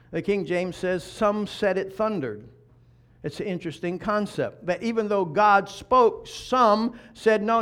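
A middle-aged man preaching with a high voice. He drops to quiet, close passages, then builds to loud, rousing exhortation. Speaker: pastor. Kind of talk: sermon.

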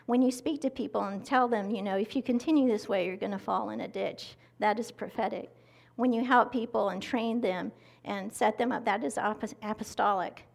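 A woman's voice: a little high, gravelly. A woman preaching a conversational sermon, close to the mic, acting out quotes as she teaches. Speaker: pastor. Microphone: mic held close to the mouth.

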